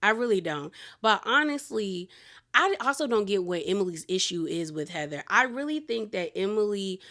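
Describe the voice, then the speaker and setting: A woman's voice: medium pitch, animated, moderate pace, pushed and bright. A woman casually recapping a reality TV episode, chatty and opinionated, with lots of "like". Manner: chatty and opinionated, heavy use of "like".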